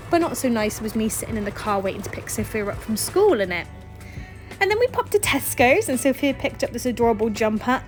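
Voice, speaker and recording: A woman's voice: fairly high pitch, low-quality recording. A woman with a British English accent talking casually and cheerfully in a home cookery vlog, laughing often. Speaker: vlogger, homemaker. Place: home kitchen.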